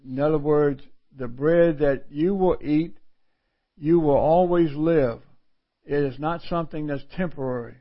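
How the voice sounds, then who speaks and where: A man's voice: on the high side, measured pace. A middle-aged man preaching a sermon, reading scripture aloud and explaining it in a folksy way, repeating phrases for emphasis. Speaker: pastor. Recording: dull lo-fi recording.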